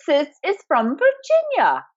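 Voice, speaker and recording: A woman's voice: high voice, wildly swooping pitch, normal speed, highs cut off. A woman co-hosting a podcast, telling stories in a chatty, teasing way. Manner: chatty, teasing, giggly storyteller. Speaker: podcast co-host. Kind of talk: casual chat.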